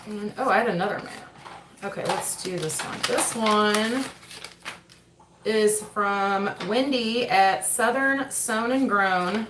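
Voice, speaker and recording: Chatty mom hosting a roomy home livestream. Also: female voice, medium pitch, slow pace, background noise. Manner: chatty, keeps breaking off to talk to her kids. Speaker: homestead channel host and mother. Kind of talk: casual livestream mail call. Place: at home, seated at a table. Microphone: camera on the table.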